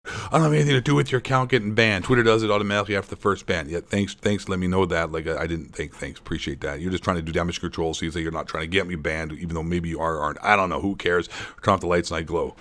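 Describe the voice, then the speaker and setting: Young man, lowish voice, sarcastic rant, rambling, joking commentary vlog. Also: fast, a bit bright. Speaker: gaming commentary channel host.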